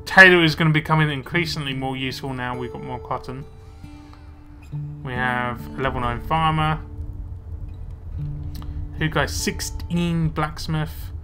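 A man's voice: fairly high pitch, measured pace, long pauses, music in the background. A young man casually commenting on his gameplay, muttering to himself as he plays. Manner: chatty, muttering to himself while playing. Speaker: let's play gamer.

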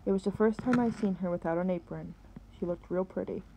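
A woman, a teacher, reading a novel aloud and pausing to explain words. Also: fairly low pitch, background noise.

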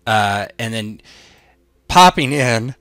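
Bright slow game master man. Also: on the low side, expressive, no room sound, clean studio sound. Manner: laughing, loose narration with fillers. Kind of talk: narrating a tabletop game.

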